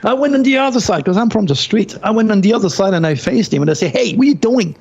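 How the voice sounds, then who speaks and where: Male guest, French accent, lively raconteur, raspy edge, dull remote-call sound. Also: sits high. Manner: animated, excitable storyteller with halting non-native phrasing. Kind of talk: storytelling in an interview.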